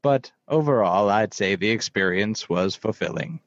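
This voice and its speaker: A man puts on the voice of a calm older gentleman, dropping his pitch and speaking in an unhurried, measured way. The sound is muffled and dry. It feels like a podcast impression bit. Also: no room sound. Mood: mellow.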